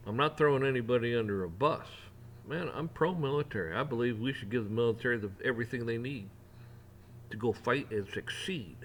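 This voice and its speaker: A man delivering a heated opinion rant, mocking officials in sarcastic put-on voices and building up to near shouting. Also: medium pitch, brisk, slight background noise. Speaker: rant channel host.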